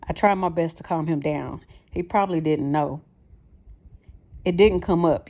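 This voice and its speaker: A woman narrating a first-person memoir for an audiobook. Her voice sits a little low, and her delivery is plain and earnest. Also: normal speed, dark tone.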